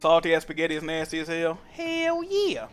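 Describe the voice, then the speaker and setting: A young man streaming a game, telling stories in animated, profane slang. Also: fairly high pitch, moderate pace, smooth. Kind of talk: casual chat while gaming.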